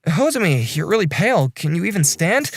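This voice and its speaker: A man voicing a calm, considerate section chief who narrates and talks in a reassuring, apologetic way. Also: fairly high pitch, fairly quick, creaky. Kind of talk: first-person story narration in a dubbed animation.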